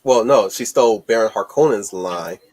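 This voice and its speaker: A man hosting a casual movie discussion stream, excited and rambling, with lots of restarts and swearing. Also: fairly low pitch, normal speed. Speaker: host.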